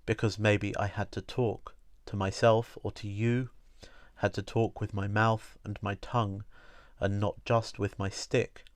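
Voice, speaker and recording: A man voicing a weary male wanderer with a walking stick, who muses slowly and repeats himself. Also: fairly low pitch, little pitch movement, no room sound, close to an everyday voice. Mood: musing. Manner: slow, musing, repeating himself.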